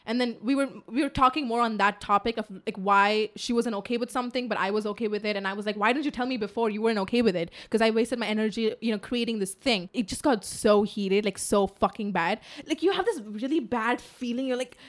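A woman in her twenties chatting casually as a podcast co-host, telling stories in an animated way with swearing and laughter. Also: a little high, fast talker, few pauses. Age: 20s. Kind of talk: casual chat.

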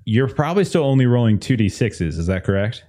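A man running a tabletop game as game master, narrating in an animated, rambling way and laughing often. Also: mid-range voice, fast talker.

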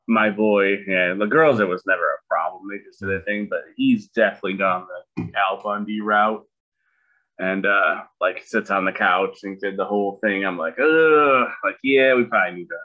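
A middle-aged man co-hosting a podcast in casual chat, making dry jokes with halting fillers. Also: sits low, little pitch movement, phone-quality sound. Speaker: podcast co-host.

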